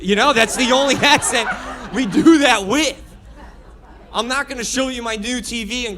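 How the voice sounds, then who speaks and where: A man's voice: extremely high pitch, moderate pace, bright, forceful tone. A man doing a stand-up comedy set on a club stage, talking energetically to the crowd with frequent laughs and restarts.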